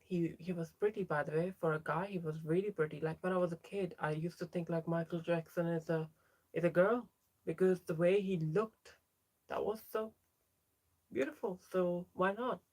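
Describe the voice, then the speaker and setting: This livestream host, a young trans woman, has a lowish, slightly mellow voice with a steady tone and moderate pace. She keeps things casual, calling out viewers by name and answering what they write.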